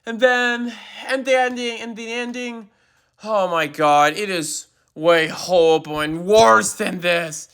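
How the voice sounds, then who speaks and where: A woman ranting in a movie review, angry, repeating herself and breaking into shouts. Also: mid-range voice, slow pace, clean tone. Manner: repeats herself and restarts often.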